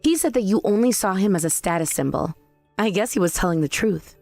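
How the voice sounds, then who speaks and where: A woman voicing a cool young wife in a scripted drama, who accuses in a calm, cutting way. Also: medium pitch, fairly quick, gravelly, dry recording, faint music behind. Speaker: daughter-in-law.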